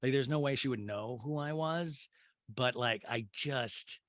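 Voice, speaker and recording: A man's voice: medium pitch, measured pace, a bit bright, dry recording, clean studio sound. A man hosting a comedy podcast, rambling through a crude, joking recap monologue. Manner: rambling, crude, swings into silly voices. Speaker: podcast host.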